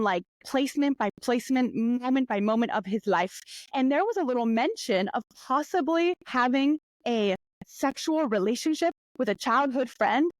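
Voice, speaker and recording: A young woman hosting a podcast, chatting and telling stories in a lively way, often jumping up into high voices when she quotes people. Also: dry recording. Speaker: podcast host. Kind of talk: casual solo podcast storytelling.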